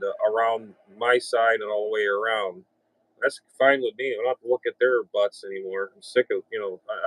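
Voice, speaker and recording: A man's voice: lowish voice, no echo, low-quality recording. A man around fifty with a blunt, rambling way of talking, chatting casually on the radio from his home station. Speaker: radio operator and channel host.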